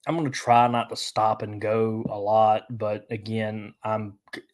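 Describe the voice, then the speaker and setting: A young man, stuffy from allergies, hosting a solo podcast in a halting, stop-and-start way. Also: on the low side, flat delivery. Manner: halting, many restarts and fillers. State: congested from allergies. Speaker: podcast host. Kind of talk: casual solo podcast commentary.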